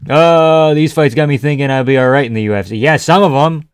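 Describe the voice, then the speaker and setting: Guy live-streaming fight reactions, swears a lot, chats with viewers, smooth voice, dry close mic. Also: a little high, brisk, no echo. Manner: loose, profane, chatty, greets chat by name. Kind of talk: casual live-stream commentary.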